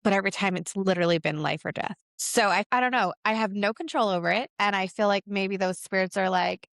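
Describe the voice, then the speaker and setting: A woman co-hosting a podcast, telling personal stories in a lively, chatty way. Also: medium pitch, fast talker, gravelly, few pauses, dry recording. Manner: animated storyteller. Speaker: podcast co-host. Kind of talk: casual podcast chat.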